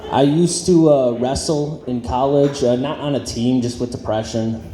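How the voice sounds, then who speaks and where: His mid-range voice is warm, fairly even in intonation and moderate in pace as this stand-up comedian works through an awkward, self-deprecating club set riddled with ums and trailing off. The club sounds roomy, with audience noise and laughter.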